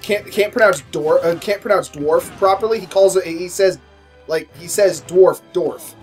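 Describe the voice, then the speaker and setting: A man commentating a fighting game with friends, excitable and quick to yelp and laugh. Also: sits high, soft background music. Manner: excitable, yelps and laughs often. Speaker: let's play commentator. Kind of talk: casual gaming banter.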